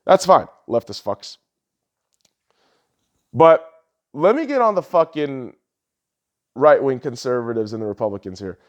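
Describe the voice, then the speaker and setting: A man hosting a podcast, ranting heatedly and swearing often, his voice lurching between loud outbursts and low mutters. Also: sing-song, measured pace, pauses often, muffled recording. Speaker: podcast host. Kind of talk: ranting political commentary.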